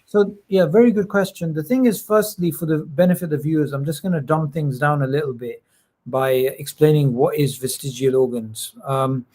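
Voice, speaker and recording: A man hosting a livestream Q&A who talks quickly and emphatically, often restarting his sentences. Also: a little high, dark tone. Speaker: host.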